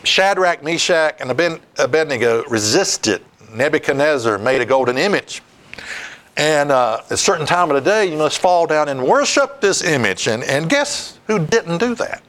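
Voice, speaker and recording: A man's voice: on the high side, very animated, moderate pace, a bit bright. A man preaching a sermon, reading scripture aloud and laughing often as he talks. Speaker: pastor.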